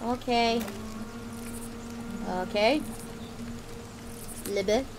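A woman's voice: fairly high pitch, very slow. A woman streaming a video game in casual commentary, playful and swearing, slipping into a mock pirate way of talking. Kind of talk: casual let's-play commentary. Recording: streaming mic with steady noise.

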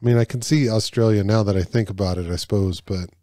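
A man's voice: on the low side, steady tone, fast talker, mellow, no echo, clean studio sound. A man hosting a casual podcast, reading trivia questions aloud in a loose, joking way with stumbles and swearing.

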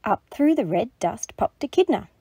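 A woman reading a picture book aloud to children, gentle and expressive. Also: on the high side, moderate pace, slightly rough, dry recording. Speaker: storybook reader. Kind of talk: children's read-aloud narration.

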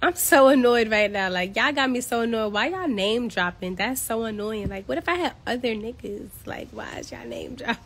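A woman's voice: on the high side, lively intonation, moderate pace, hardly any pauses, a bit bright. A woman from Queens, ranting bluntly and with exasperation on a casual phone livestream from home. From Queens, New York. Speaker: social media personality.

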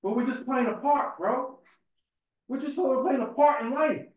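A man's voice: very high voice, moderate pace, highs cut off. A man giving an informal sermon at a temple meeting, telling personal stories in a conversational way, often repeating words and asking his listeners "right?". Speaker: speaker at a religious temple meeting. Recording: echoey room.

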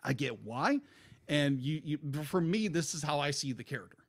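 A man's voice: a little high, big pitch swings, moderate pace, creaky, breathy edge. A man co-hosting a podcast, ranting emphatically and with exasperation about an anime character. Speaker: podcast co-host. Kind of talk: casual podcast review.

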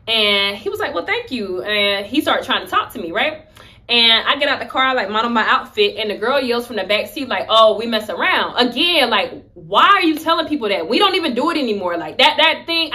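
A young woman casually telling a storytime vlog, animated and slangy, acting out the lines she quotes. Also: mid-range voice.

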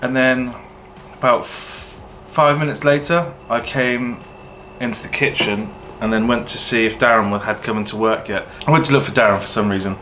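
A man's voice: mid-range voice, normal speed, few pauses, slight background noise. A man with an English West Country accent, a takeaway owner casually telling a story and swearing freely. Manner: swears freely, animated when retelling.

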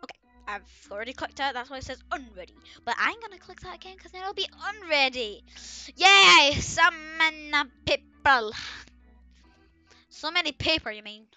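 A woman chatting through a video game, excitable and often bursting into startled screams as she talks to herself and the other players. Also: high voice, fairly quick, soft background music. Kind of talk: casual gameplay commentary.

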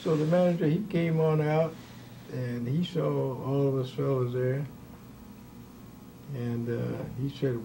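A man's voice: medium pitch, fairly even intonation, measured pace, long pauses, warm tone, a little hiss or hum, poor audio. An older man, a former ballplayer, telling stories from his career in a folksy, rambling way, chuckling as he goes. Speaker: former baseball player. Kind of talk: storytelling in an interview.

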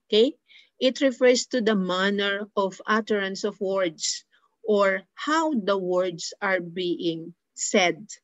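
Slow-paced Filipino woman teaching. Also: medium pitch, no room sound. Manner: says "okay" and "uh" often, defines terms slowly. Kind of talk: online lecture. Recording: dull lo-fi recording.

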